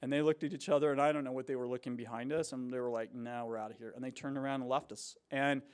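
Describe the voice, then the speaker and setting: A man telling stories to university students in a casual, animated way, with many fillers and restarts. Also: mid-range voice, quick pace, clear, resonant tone. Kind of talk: casual storytelling talk. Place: university hall before a student audience.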